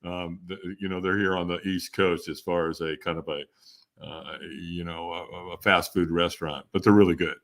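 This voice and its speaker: A man as a podcast guest, telling a personal story in a casual, animated way, laughing often and acting out what others said. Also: deep voice, moderate pace. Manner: animated, laughs often, acts out quoted voices.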